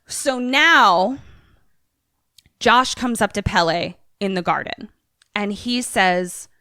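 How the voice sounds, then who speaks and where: A woman's voice: medium pitch, no room sound, studio quality. A young adult woman, a podcast co-host, casually recapping a film and acting out the characters' lines. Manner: animated storyteller, acts out characters' lines.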